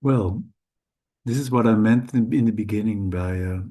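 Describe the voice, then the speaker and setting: A man whose first language is Dutch, teaching Sanskrit letters in a slow, careful lesson, hesitant and correcting himself often. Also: fairly low pitch, mellow. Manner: hesitant, halting, with frequent self-corrections.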